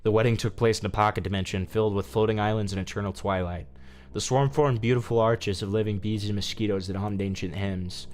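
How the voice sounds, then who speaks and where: A man's voice: fairly low pitch, fairly even intonation, a little fast, a little mellow. A male streamer reading a fan story aloud casually, with asides and restarts.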